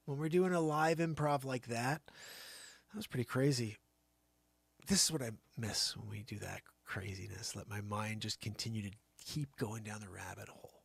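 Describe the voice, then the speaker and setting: A man's voice: lowish voice, normal speed, dry recording. A man hosting a live show, rambling through an improvised comedy monologue and dropping into whispered asides. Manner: rambling, animated, riffing on a running bit; drops to breathy whispers between asides. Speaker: host.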